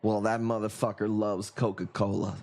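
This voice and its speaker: A man's voice: lowish voice, level tone, normal speed, darkish tone. A man hosting a live coral auction stream, chatting casually with viewers in profane, joking, rambling banter. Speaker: livestream coral auction host. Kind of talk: casual live sales chat.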